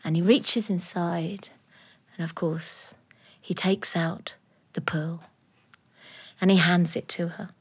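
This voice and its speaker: A woman telling a folk tale live in a studio, animated and playful, with laughing asides. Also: fairly low pitch, slow, long pauses, breathy edge. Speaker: storyteller. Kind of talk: live oral storytelling. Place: recording studio.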